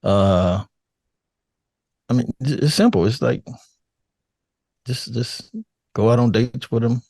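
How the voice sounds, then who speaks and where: An older man talking in a relaxed, rambling way as an interview guest, laughing now and then. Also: medium pitch, slow pace, gravelly, no echo, clean studio sound. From United States. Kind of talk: casual chat.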